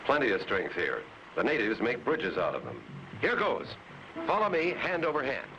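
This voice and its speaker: An actor playing a steady adventurer hero who gives calm, decisive commands, on a noisy old cartoon soundtrack. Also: male voice, mid-range voice, moderate pace, lo-fi sound, heavily acted. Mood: resolute. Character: Clutch Cargo, steady square-jawed adventurer hero.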